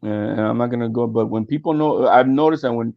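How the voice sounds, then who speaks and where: A man's voice: medium pitch, quick pace, vocal fry, no echo, muffled recording. A man talking boxing on a casual podcast, stammering and repeating words, with some swearing.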